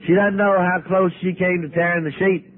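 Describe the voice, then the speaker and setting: An older man, an abbot, telling stories to an audience at a recovery meeting with lively, dramatic delivery. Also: sits high, brisk. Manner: animated, dramatic storytelling with wide swings. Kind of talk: storytelling talk to an audience. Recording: tinny lo-fi archive tape with faint hiss.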